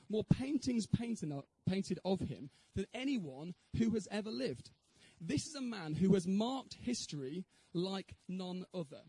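A man speaks at an evening Christian talk, sharing his own testimony and putting questions to his listeners in an earnest tone. His voice sits high yet mellow, with a husky edge. The recording is dry and close, with no room sound. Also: no room sound, low-quality recording. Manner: earnest, rhetorical questions to the audience. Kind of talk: evangelistic talk with personal testimony.

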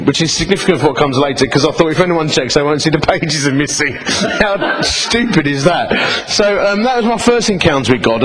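A middle-aged man with an Essex accent giving a humorous personal testimony to an audience, telling it as lively comic storytelling and acting out both sides of the dialogue. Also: fairly high pitch, poor audio. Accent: Essex English. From England. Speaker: speaker giving his testimony.

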